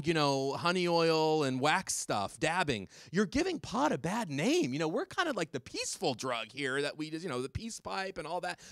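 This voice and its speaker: A man's voice: high-pitched, no echo, studio quality, pitched above the performer's own voice. A man voicing a laid-back male stoner writer who chides fellow users in a drawl.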